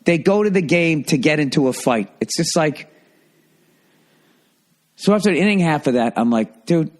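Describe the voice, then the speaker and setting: A man's voice: fairly high pitch, animated, moderate pace. A man in his fifties telling a story in casual comedic style, profane and rambling as a podcast host. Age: 50s.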